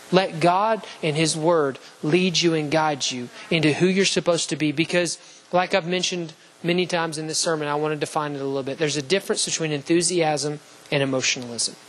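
Impassioned high-voiced male preacher. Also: slight background noise, rough recording. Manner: impassioned, rising to near shouts on key phrases; repetitive rhetorical lists and questions. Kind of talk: sermon.

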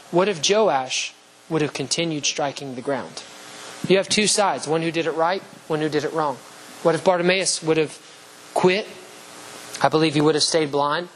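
A man preaching a sermon with passion, using repeated rhetorical lines and rising toward shouts on key phrases. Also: fairly high pitch, poor audio. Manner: repetitive rhetorical lists and questions.

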